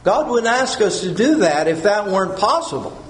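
A man's voice: high-pitched, big pitch swings, normal speed. A man preaching a sermon, earnest, repeating key phrases and asking his listeners questions. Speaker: pastor. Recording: roomy echo.

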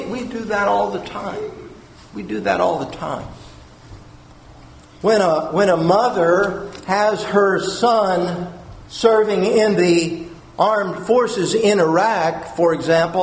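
High-pitched guy preaching in an echoey church, earnest, keeps repeating his points. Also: a little hiss or hum. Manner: earnest, repeats key phrases, asks the listeners questions. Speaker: pastor. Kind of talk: sermon. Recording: roomy echo.

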